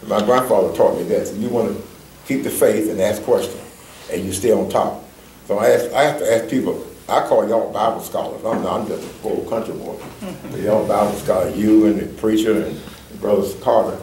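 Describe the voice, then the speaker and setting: A Southern American man with a low, warm, dark voice talks in a casual church discussion, reading verses in a slow, halting way. He is set back from the mic in an echoey meeting room with a faint hiss underneath. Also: far from the mic. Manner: slow, halting, reads scripture aloud haltingly. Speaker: church member asking a Bible question.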